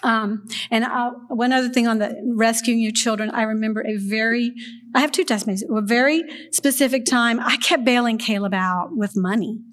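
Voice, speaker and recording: An older woman sharing a personal testimony with a group, speaking in an earnest, halting way with restarts and soft laughs. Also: a little high.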